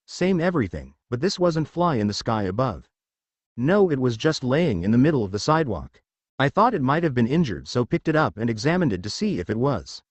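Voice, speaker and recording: Guy reading sly young ninja dude, taunting and mock friendly, bouncy pitch, dry audio. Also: no echo. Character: smug scheming young male ninja.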